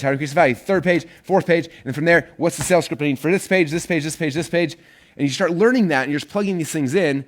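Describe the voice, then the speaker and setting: A man teaching an online marketing course in a casual, energetic way, rambling a bit and using many fillers. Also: a little high.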